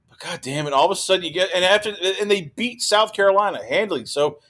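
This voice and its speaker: A man guesting on a sports podcast, talking in an animated, exclaiming way and breaking into mocking impressions. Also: high-pitched, fast talker. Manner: animated, exclaiming, mimics others. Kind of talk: casual sports talk.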